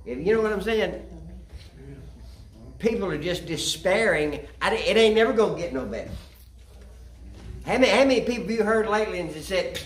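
A man's voice: high voice, lively intonation, normal speed, pauses often, reverberant. A man preaching a sermon in a church, folksy and rising to fervent cries of amen. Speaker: pastor. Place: church sanctuary.

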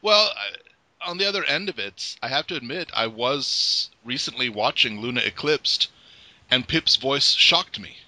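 A man hosts a casual interview in a chatty, animated way, often restarting his sentences. His voice swings up and down and has a very bright edge. He is close on a dry mic. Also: mid-range voice, measured pace, no echo, rough recording. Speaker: podcast host.

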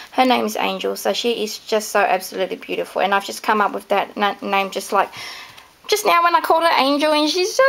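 With a medium-pitched, creaky, slightly bright voice, a mother explains her sewing process in a laid-back home tutorial. She gushes about her handmade dolls and fills her talk with many fillers.

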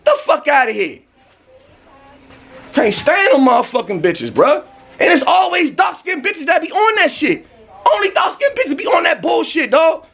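Man, very high voice, angry rant, shouting, profane, vlog. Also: sing-song, moderate pace, gravelly, soft background music. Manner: profane, heated, often shouting. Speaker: vlogger.

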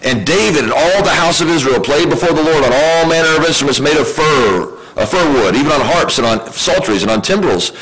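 Man preaching with lively questions. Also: on the high side, a little fast, few pauses, a crowd in the background, rough recording. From United States. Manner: conversational preaching, asks the congregation questions. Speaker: pastor. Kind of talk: sermon.

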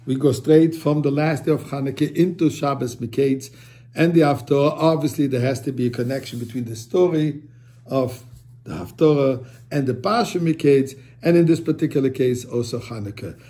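A man's voice: medium pitch, moderate pace, dark tone. A man, a rabbi, giving an earnest short sermon, rising and falling as he stresses points and mixing in Hebrew and Yiddish terms. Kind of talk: short sermon on the weekly reading.

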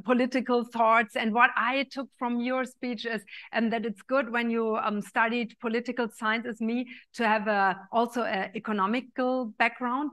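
A German-accented woman moderates a conference in a chatty, loose way, filling gaps with ums and uhs. Her voice sits a little higher than usual for a woman. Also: fairly bright tone. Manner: many fillers, friendly and chatty.

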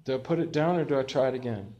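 Older male pastor, lively storyteller. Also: medium pitch, racing, muffled recording. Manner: lively storytelling with self-mocking humor. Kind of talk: sermon.

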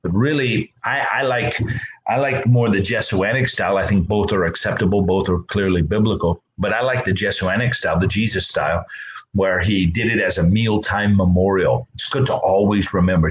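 Low-voiced man teaching casually from the Bible. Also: normal speed, slight background noise, low-quality recording. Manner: conversational, repeats words, acts out quoted voices. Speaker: pastor.

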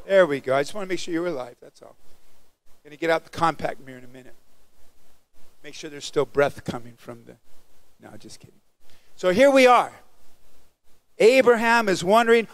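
A male pastor preaching a sermon, animated and calling out to the congregation for responses. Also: high voice, normal speed, pauses often, no room sound.

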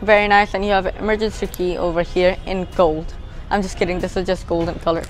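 Outdoors beside a parked car, a woman with a Bangladeshi English accent gives a casual walkaround review, chatty and explanatory as she points out features. Her lowish voice is quick and flat, and it drifts away from the camera mic as she moves. Faint music plays behind her.

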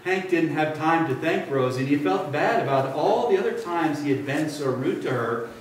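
A man leading a children's message at a church service, speaking gently and playfully to a young child and telling a story. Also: on the high side, expressive, normal speed, distant mic, a little hiss or hum. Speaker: pastor. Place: church sanctuary. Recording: echoey sanctuary, mic from afar.

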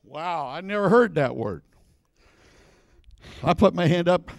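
Older male pastor, folksy storyteller, high and animated, dry sound. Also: measured pace, creaky, no room sound. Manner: folksy storytelling preacher, bursts into shouts. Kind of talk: sermon. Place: church.

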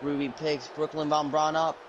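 A man hosting and calling play-by-play for a match, jokey and excitable, breaking into high yelps when surprised. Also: normal speed, dull audio, background noise. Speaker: host and commentator.

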